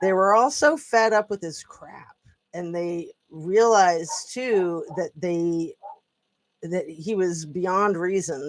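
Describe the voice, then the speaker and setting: Rambling, chatty woman vlogger. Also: fairly low pitch. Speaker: political commentary vlogger. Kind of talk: casual commentary monologue. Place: at home with a dog.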